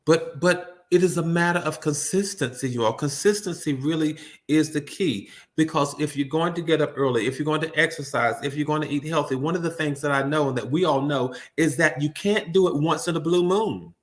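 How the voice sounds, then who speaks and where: A man's voice: a little high, a little fast, hardly any pauses. Man giving a live motivational talk. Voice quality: repeats words often while restarting thoughts, addresses audience as "you all". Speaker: motivational speaker hosting a live stream.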